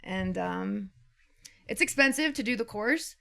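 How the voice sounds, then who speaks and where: A woman's voice: mid-range voice, lively intonation, a little slow, creaky, bright, forceful tone. A young woman co-hosting a podcast, telling a rambling story full of fillers and laughing often. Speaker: podcast co-host. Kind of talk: casual chat.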